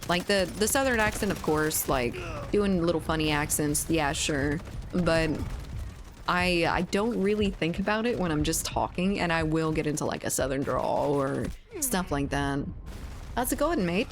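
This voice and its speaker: Cajun woman streamer, low voice, loose rambling chatter with casual swearing, faint game gunfire behind. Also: normal speed, slight background noise. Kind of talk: casual chat while gaming.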